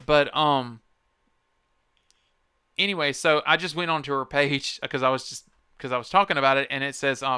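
A man's voice: mid-range voice, fairly even intonation, moderate pace, long pauses, bright, forceful tone, clean tone, dry recording. A man hosting a podcast, ranting in a casual, profane, rambling and emphatic way into a close microphone. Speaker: podcast host. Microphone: close podcast mic.

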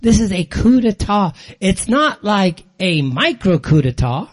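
A man's voice: high-pitched, big pitch swings, a little slow. An older man hosting a show, delivering an angry, sarcastic monologue in blunt, ranting commentary. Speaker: show host.

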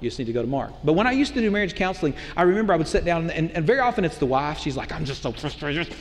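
Middle-aged male pastor, high-pitched, talks with the congregation like a friend; sanctuary echo. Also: very animated, racing. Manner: conversational preacher, asks the crowd rhetorical questions. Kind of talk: sermon. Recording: long hall reverb.

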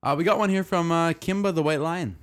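A man co-hosting a podcast in casual chat, reading listener emails aloud in a relaxed, chatty way. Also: a little high, a little fast, smooth. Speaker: podcast co-host.

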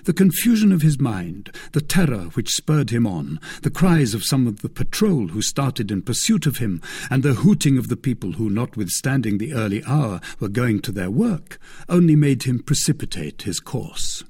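A man narrating a classic novel as an audiobook, with an expressive, dramatic reading. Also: mid-range voice, normal speed, slightly rough.

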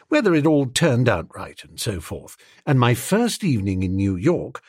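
An audiobook narrator, a man, reads a scripted comic story in an animated, playful manner. His mid-range voice has a breathy edge, recorded dry with clean studio sound.

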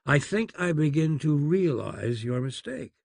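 A man's voice: a little high, very animated, unhurried, creaky, darkish tone, no echo, clean studio sound, full character voice. A man voicing a fussy, courteous elderly doctor in a storybook reading. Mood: prim. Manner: prim, courteous, flustered.

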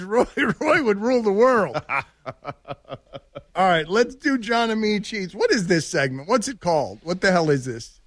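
A man's voice: high voice, lively intonation, measured pace, fairly bright tone. A man hosting a studio talk show, teasing co-hosts and laughing often in casual chat. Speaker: show host.

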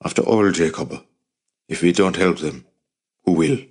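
A man reading an audiobook, voicing a calm, firm middle-aged uncle who leads a resistance cell. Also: a little slow, slightly rough. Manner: calm, firm, low-key.

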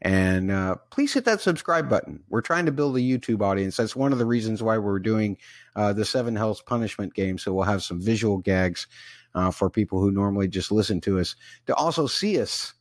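A man's voice: on the low side, fairly quick, dry recording. A man hosting his own podcast alone, chatty and rambling, with fillers and asides. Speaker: podcast host. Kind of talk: solo podcast recap.

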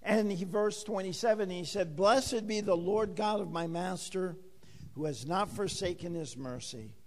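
A man's voice: high voice, unhurried, darkish tone, big-room sound. An older man preaching a sermon, telling folksy stories and acting out the dialogue himself. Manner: folksy storytelling with acted-out dialogue. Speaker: pastor.

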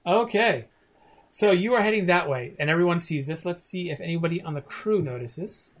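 A man's voice: sits high, lively intonation, brisk. Rambling male game master. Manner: rambling, restarts often. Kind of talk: narrating a tabletop game.

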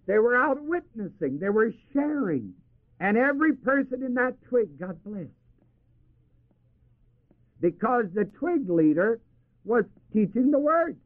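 Lively, high-voiced male preacher, tinny tape. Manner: asks the audience to finish verses; chuckles often. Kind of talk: sermon.

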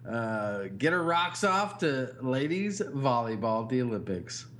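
A man in his thirties co-hosting a casual comedy podcast, telling profane stories about his daughter in an animated way. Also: medium pitch, a little slow, a little hiss or hum. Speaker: podcast co-host.

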